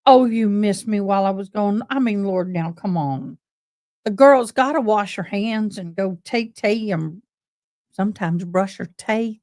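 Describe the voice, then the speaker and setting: A woman's voice: mid-range voice, measured pace, darkish tone, no echo. A woman with a Southern accent from Tennessee and Texas, hosting a casual livestream chat in a folksy, drawling way. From East Tennessee, raised in Louisiana. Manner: folksy, chatty, drawling with playful dialect. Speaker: livestream host.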